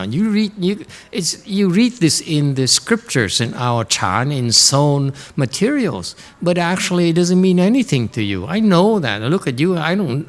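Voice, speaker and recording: Blunt man giving a meditation lecture. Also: fairly high pitch. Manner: blunt, frequently checks in with "Okay?". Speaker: Chan meditation teacher. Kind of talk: Dharma lecture to students.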